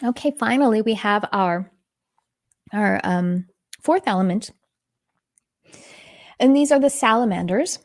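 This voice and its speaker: Here a Texan spiritual teacher in middle age does intuitive readings over a casual live stream, earnest and rambling, full of fillers and false starts. Her medium-pitched voice keeps a measured pace broken by long pauses, captured in studio quality without any echo.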